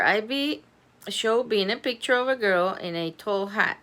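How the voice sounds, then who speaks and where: Lively, slow-paced female storybook reader. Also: mid-range voice. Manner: animated, giggly, stops to comment on the story. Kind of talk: reading a children's chapter book aloud with chatty asides.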